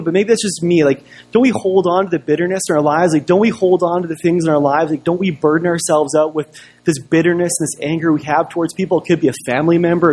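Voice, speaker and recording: A male pastor preaches in a relaxed, conversational way, leaning on stories and rhetorical questions. His voice sits a little high for a man and has a husky, slightly rough edge. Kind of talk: sermon.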